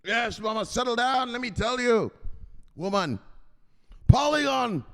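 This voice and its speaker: A man voicing a boastful male crypto investor who loudly and dismissively lectures his mother. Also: very high-pitched, animated, a little slow, voice pushed up, heavily acted. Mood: boastful, insistent. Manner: loud, insistent, dismissive.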